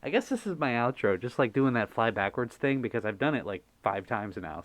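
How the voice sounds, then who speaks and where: A man's voice: medium pitch, big pitch swings, brisk, hardly any pauses, no echo. A man signing off his vlog, thanking his viewers sincerely and then joking around goofily. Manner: warm, grateful, playful and goofy. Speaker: video creator. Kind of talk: casual vlog sign-off.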